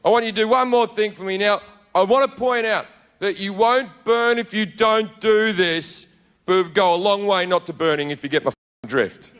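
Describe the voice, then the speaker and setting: A man voicing a vain, short-tempered male God who shouts profanities in a stand-up comedy bit. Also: moderate pace, smooth. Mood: smug. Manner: shouting, profane, high-pitched outbursts. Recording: noisy live stand-up recording.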